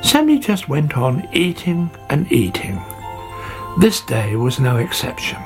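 A man narrating a children's story in an expressive, playful way. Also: fairly high pitch, unhurried, faint music behind.

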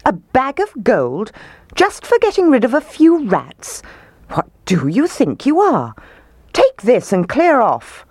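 A woman's voice: on the high side, wildly swooping pitch, a little slow, few pauses, dry recording, pitched above the performer's own voice, exaggerated voice. A woman voicing a blustering, stingy male town mayor who roars with scorn in a storybook reading. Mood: angry roaring. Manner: roaring, scornful.

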